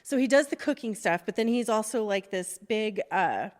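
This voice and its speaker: A woman's voice: mid-range voice, animated, moderate pace. Chatty woman in a reverberant room. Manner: rambling storyteller, laughs often. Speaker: podcast host. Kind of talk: casual chat. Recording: long reverb.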